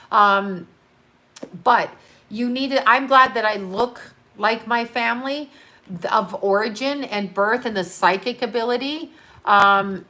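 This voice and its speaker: A woman's voice: medium pitch, pushed and bright. A woman chatting casually on a livestream as a psychic medium, answering viewer questions bluntly, swearing freely and laughing often. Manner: talks straight to her chat, reads out comments and riffs.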